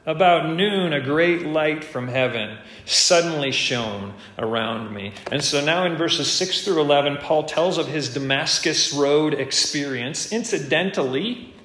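Earnest preacher in a roomy space. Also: male voice, animated, a little slow, a bit bright. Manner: earnest, emphatic, rises in pitch on key points. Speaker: preacher and teacher. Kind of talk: expository sermon. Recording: roomy echo.

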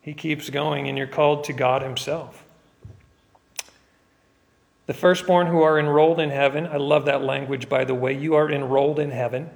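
A man with a fairly high, gravelly voice preaches a sermon, mixing joking asides with rising, emphatic delivery. His voice rings out with the long reverb of a large hall. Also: flat delivery, moderate pace. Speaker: pastor.

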